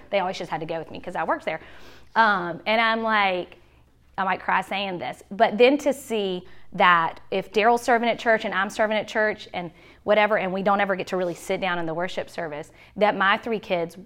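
A woman, giving a chatty, heartfelt church workshop talk and acting out quoted lines. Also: fairly bright tone. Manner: chatty, heartfelt, acts out quotes with big pitch swings. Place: church meeting room.

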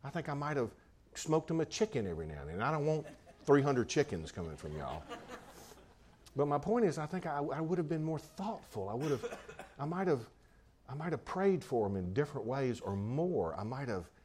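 A pastor preaching a sermon in a conversational way, often restarting and repeating phrases. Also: male voice, mid-range voice, big pitch swings, normal speed, a little mellow.

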